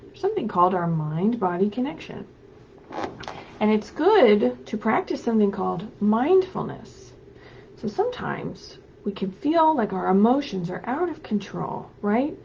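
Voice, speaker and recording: A woman librarian hosting story time, reading picture books aloud to children in an animated, sing-song way and prompting them to join in. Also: medium pitch, measured pace, creaky, highs cut off, slight background noise.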